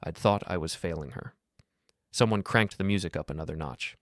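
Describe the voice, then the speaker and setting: A middle-aged man narrating a first-person story in a steady, grave, measured way. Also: low voice, no room sound, studio quality.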